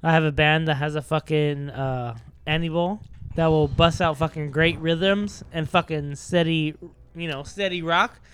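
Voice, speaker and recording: A man's voice: a little high, fairly even intonation, a little slow, a bit bright, clean tone. A drunk man, a band member guesting on a casual podcast, rambling and swearing heavily. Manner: rambling, heavy swearing, laughs a lot.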